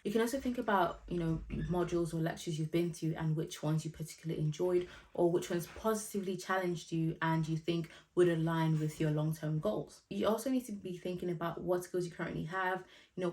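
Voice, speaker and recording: A woman's voice: on the low side, a little mellow. A woman in her twenties, from Nigeria, giving job-search advice in a casual, chatty vlog with lots of asides. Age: 20s. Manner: chatty and direct, many asides and fillers.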